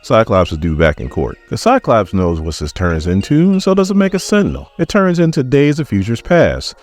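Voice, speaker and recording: Deep voiced guy joking through a comic recap, voice jumps around a lot. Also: a little mellow. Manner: jokey, irreverent.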